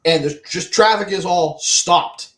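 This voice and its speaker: A man's voice: high-pitched, unhurried, a bit bright. A man telling a story in a laid-back way during a casual chat. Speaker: co-host. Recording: echoey room.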